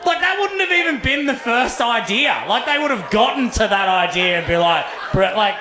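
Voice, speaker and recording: An extremely high-pitched young Australian man performs stand-up at normal speed on a club stage, spinning profane, animated tales and doing characters' voices. There's background noise, plus the faint ambience of an echoey room.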